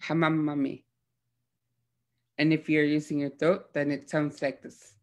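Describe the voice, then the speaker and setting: A young woman teaching throat singing in a gentle, hesitant way, with many fillers. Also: sits low, completely flat delivery, normal speed. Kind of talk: casual spoken lesson with demonstrations.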